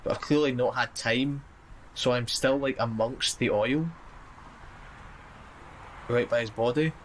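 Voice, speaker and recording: A man's voice: mid-range voice, steady tone, measured pace, slight background noise, poor audio. A man with a Scottish accent, a player in a tabletop game, talking casually and checking the rules. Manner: casual, asking questions.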